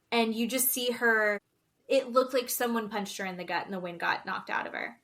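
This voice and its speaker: A high, bright woman's voice with a lively, animated delivery. She recaps a reality show in casual podcast chat, acting out other people's lines and swearing freely. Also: normal speed. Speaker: podcast co-host.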